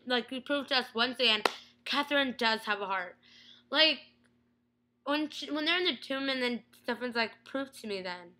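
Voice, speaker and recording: A young woman casually reviewing a TV episode on her vlog, gushing and excitable, full of "like" and "oh my God". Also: fairly high pitch, low-quality recording.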